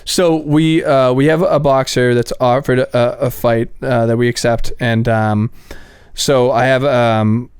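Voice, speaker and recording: A man co-hosting a fight podcast, telling animated stories, acting out quotes and swearing freely. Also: mid-range voice, measured pace, clear, resonant tone, no echo, clean studio sound. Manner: animated storyteller, acts out quotes, swears a lot. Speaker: podcast co-host. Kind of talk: casual chat.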